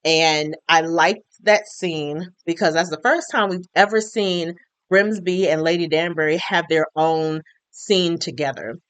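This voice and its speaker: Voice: medium pitch, measured pace, fairly bright tone, smooth, no echo. A recap vlogger talking casually about a TV episode, chatty and slangy, and briefly acting out the characters' lines.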